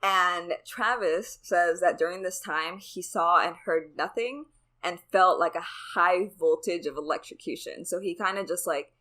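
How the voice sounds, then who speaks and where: A woman's voice: lowish voice, measured pace, pushed and bright. A woman co-hosting a podcast, casually telling a story in a chatty, sweary way with lots of "like". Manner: chatty, sweary, says "like" a lot. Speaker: podcast co-host.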